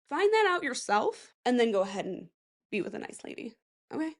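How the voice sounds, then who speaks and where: A woman's voice: fairly high pitch, sing-song, a little fast. A woman in her thirties hosting a casual solo podcast, chatty and rambling with sarcastic asides. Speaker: podcast host.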